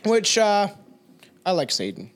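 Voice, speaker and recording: A man with a high voice co-hosts a casual podcast. He rambles, swears constantly and drifts from story to story in loose conversation. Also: sing-song, a little slow. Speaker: podcast co-host.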